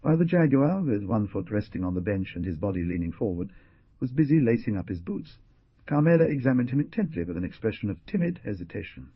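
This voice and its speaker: A man reads a classic novel aloud with a dramatic storytelling delivery. His low voice is husky, with a lively pitch. The recording is dry and dull. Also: fast, no echo. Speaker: audiobook narrator. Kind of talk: scripted narration.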